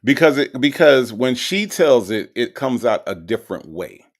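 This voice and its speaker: A man's voice: medium pitch, sing-song, normal speed. A man hosting a show, mocking and emphatic as he reacts to recorded calls and reads viewer comments aloud.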